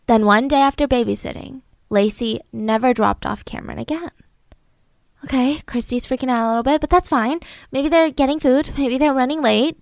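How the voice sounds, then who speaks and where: A woman casually telling a true-crime story to a co-host, chatty and animated, with frequent asides. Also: high voice, normal speed, creaky, no room sound.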